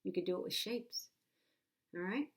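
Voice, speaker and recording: A woman teacher reading a picture book aloud to young children, animated and asking them questions. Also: medium pitch, normal speed. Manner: animated, asks the listener questions. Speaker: preschool teacher.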